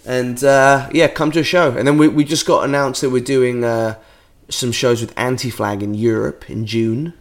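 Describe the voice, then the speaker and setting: Man, podcast co-host, chatty storyteller who slips into impressions, mid-pitched voice. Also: moderate pace, few pauses. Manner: animated storyteller, jumps into high-pitched impressions of people. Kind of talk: casual podcast chat.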